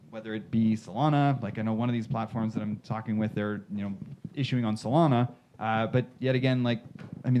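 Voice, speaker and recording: A man's voice: mid-range voice, warm tone, muffled recording, slight background noise. A man moderating a panel discussion in a casual, rambling way, restarting his sentences often and slipping in dry sarcasm. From Canada. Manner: rambling, self-correcting, jokey sarcasm. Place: conference room panel. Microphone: handheld mic.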